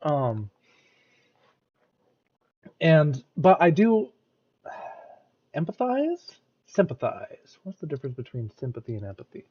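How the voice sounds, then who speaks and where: A man's voice: medium pitch, animated, measured pace, long pauses, slightly rough, dull audio. Hesitant American man, casual commentary. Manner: hesitant, restarts and repeats words. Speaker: reaction streamer.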